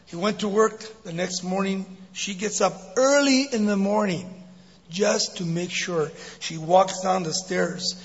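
A man in his sixties preaching as a guest speaker, telling a joke and then his life story, animated and laughing often. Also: high-pitched, a little slow, husky. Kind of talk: sermon with jokes and testimony. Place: church sanctuary. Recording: dull recording in a big reverberant hall.

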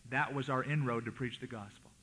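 A man's voice: medium pitch, steady tone, brisk, pushed and bright, slightly rough, in a large hall, poor audio. A man preaching a sermon, reading scripture aloud with emphatic rises and falls. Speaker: pastor.

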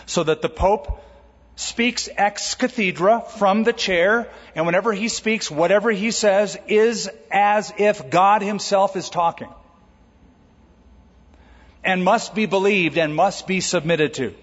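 A man preaching a sermon as a pastor, lively and conversational, with jokes along the way. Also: high voice, slow pace. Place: church auditorium. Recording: dull recording with long hall reverb.

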